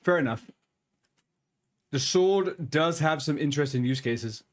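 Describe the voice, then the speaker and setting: A man's voice: a little high, a little slow. A man chatting casually while streaming a game, reading chat and puzzling over pronunciations in a playful way.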